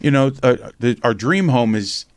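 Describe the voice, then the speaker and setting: A man telling a lively personal story in casual conversation, acting out other people's lines and swearing casually. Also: mid-range voice, moderate pace, dry recording. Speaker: podcast host and memoir author.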